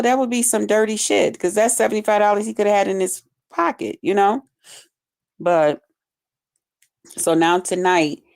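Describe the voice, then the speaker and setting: Woman, somewhat high voice, fired-up phone livestream vent at home, sharp rhetorical questions. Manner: heated, swearing, rapid rants with repeated rhetorical questions. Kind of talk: angry venting livestream. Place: at home, trying to stay quiet for neighbors.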